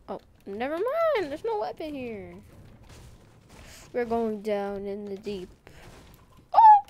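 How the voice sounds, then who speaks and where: Lively, excitable woman narrating her game. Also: fairly high pitch, slight background noise. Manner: excitable, rambling, slangy. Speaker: gaming video creator. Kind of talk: casual gaming commentary.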